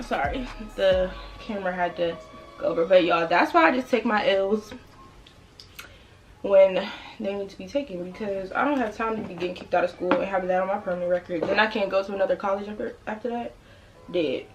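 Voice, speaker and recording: A young woman from the Washington DC area chatting while doing her makeup, telling stories in an animated way and putting on playful voices. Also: medium pitch. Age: young adult. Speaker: beauty vlogger. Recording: noisy home recording.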